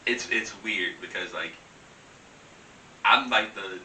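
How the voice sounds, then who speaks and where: A young man chatting as a guest in a loose, slangy way, animated and laughing often. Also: fairly low pitch, takes it slowly, reverberant, recorded from a distance, slight background noise, poor audio. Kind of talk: casual chat over wine.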